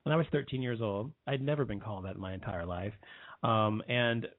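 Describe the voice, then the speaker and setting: A man's voice: on the low side, a little fast, no echo. A man in his thirties giving a heated, rambling personal commentary, restarting his sentences often. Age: 30s. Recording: tinny phone-like line.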